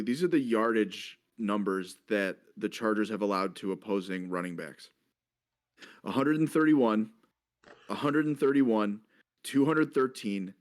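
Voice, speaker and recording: A man's voice: lowish voice, a little mellow. Man hosting a sports betting show. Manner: leads the segment, reels off stats. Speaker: host. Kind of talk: casual sports betting chat.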